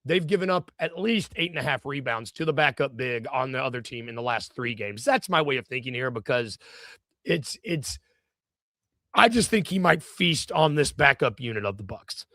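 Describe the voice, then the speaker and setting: A man's voice: mid-range voice, expressive, normal speed, pushed and bright, no room sound, studio quality. A man co-hosting a sports podcast, rambling through casual chat with lots of fillers and restarts. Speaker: podcast co-host.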